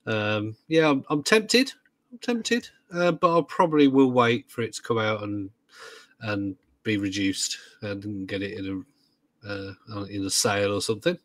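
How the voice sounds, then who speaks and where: A man's voice: on the low side, moderate pace, no echo. A man co-hosting a gaming podcast, talking hesitantly with many ums and restarts and making joking asides. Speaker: podcast co-host. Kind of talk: casual chat.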